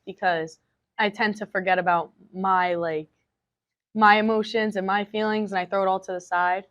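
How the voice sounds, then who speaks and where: A woman's voice: mid-range voice, steady tone, normal speed, fairly bright tone, a little hiss or hum. A teenage girl, a student, chatting casually with her teacher, using "like" often. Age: teens. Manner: giggly, uses filler 'like' a lot. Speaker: student interviewer. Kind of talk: casual chat over wings.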